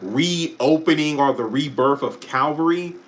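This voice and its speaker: A man's voice: a little high, unhurried. Chatty man hosting a live stream. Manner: chatty, self-interrupting, apologetic asides. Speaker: YouTube live stream host. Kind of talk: casual live stream chat reacting to viewer comments.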